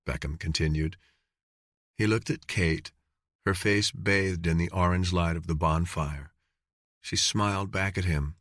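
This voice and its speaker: A man narrating an audiobook in an even, measured reading. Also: low-pitched, no echo, clean studio sound. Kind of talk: scripted narration.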